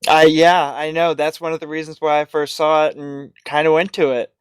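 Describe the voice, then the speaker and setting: A man's voice: on the high side, little pitch movement, normal speed, clean tone, no echo, studio quality. A man co-hosting a casual tech podcast, talking hesitantly with frequent restarts. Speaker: podcast co-host.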